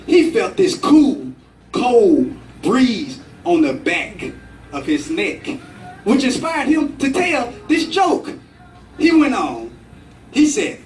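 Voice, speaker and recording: A man giving a storytelling speech to a club, told in a dramatic, animated way. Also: high-pitched. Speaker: club speaker. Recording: echoey room, from far off, faint music.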